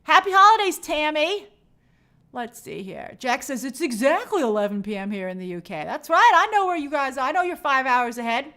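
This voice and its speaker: A high-pitched woman hosts a casual livestream. She chats upbeat and friendly, reading out viewer comments one after another. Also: very animated, a little fast, sharp tone. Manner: upbeat, chatty, reads viewer comments aloud. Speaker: host reading live chat.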